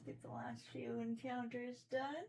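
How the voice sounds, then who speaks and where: A woman's voice: fairly high pitch, very animated, unhurried, a little mellow, slight background noise. A woman streamer at home, chatting casually during a live stream and cooing baby talk to her cat.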